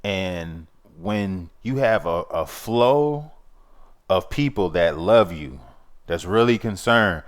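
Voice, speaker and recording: A man's voice: sits low, expressive, takes it slowly. A man hosting his own vlog, talking in a rambling, earnest and somewhat preachy way, often repeating "you know what I mean". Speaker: vlog host. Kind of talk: casual monologue.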